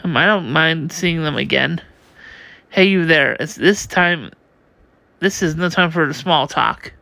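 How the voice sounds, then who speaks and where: A man reading a comic aloud, halting and slow, restarting words often. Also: on the high side, vocal fry, pushed and bright, no echo. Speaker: comic reader.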